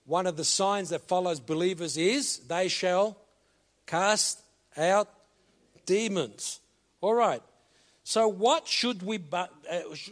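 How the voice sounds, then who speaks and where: Older man in the pulpit, a touch high-voiced, deliberate pace, emphatic sermon delivery. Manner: slow and emphatic, swinging between loud commands and low asides. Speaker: preacher.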